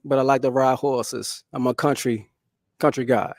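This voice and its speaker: New man, mid pitch, dry close sound, relaxed dating show contestant. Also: moderate pace, no room sound. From New Orleans. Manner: laid-back, adds "right?" and "okay?" often. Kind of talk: casual dating show answers.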